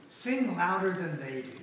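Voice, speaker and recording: Picked up from a distance in an echoey church hall, a middle-aged preacher speaks slowly and very animatedly, his voice sitting high over crowd noise. His sermon is conversational, and he invites the congregation to respond.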